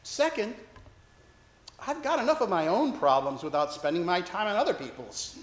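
A man's voice: sits high, sing-song, normal speed, echoey room. A man preaching a sermon as a priest, telling a story with wry, self-deprecating humor.

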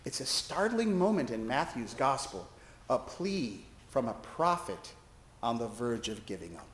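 A man's voice: a little high, a little slow, echoey room. A male pastor preaching a sermon, telling a hospital story and acting out the voices in it. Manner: expressive, acting out quoted voices. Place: church sanctuary.

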